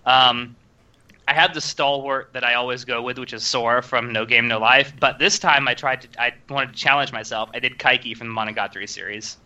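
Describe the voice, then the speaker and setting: A young man hosting a casual podcast chat, animated and laughing often. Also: medium pitch, fairly quick, dull audio. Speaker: podcast host.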